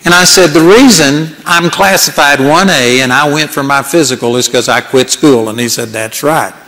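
An older male preacher with a drawl, his voice sitting a little high for a man. He tells a story from the pulpit in a folksy, lively way, acting out each quote, and his words ring with the long reverb of a large hall. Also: normal speed. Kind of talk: storytelling sermon.

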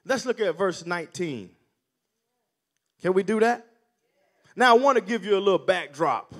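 A male minister delivers a call-and-response sermon, moving from calm teaching up to near shouting. His voice is high-pitched and his pace moderate.

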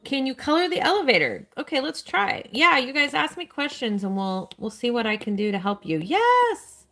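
A woman's voice: on the high side, sing-song, brisk, bright, forceful tone. A woman hosting a live stream, chatting casually and cheerfully while answering her viewers' questions as she plays a game. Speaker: live-stream host playing a mobile game.

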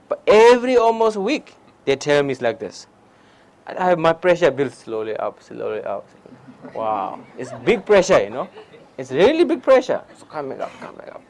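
A young man from Nepal, speaking English with a Nepali accent, giving a public meditation talk with lively stories and "huh?" asides. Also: high-pitched, moderate pace, rough recording. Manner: non-native English, animated anecdotes, frequent "huh?" asides. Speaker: meditation teacher. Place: lecture hall before an audience.

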